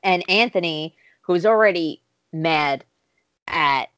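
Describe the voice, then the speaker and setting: A woman's voice: lowish voice, slow, dry recording, dull audio. A woman casually recapping a show's episode, retelling scenes with quoted dialogue. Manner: animated storytelling, acting out quotes. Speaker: podcast co-host recapping a show. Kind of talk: casual chat.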